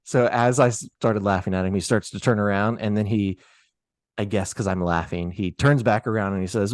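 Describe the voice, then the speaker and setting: A man telling a story on a podcast in a casual, animated, profane way. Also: fairly low pitch, a little fast, dry recording, studio quality.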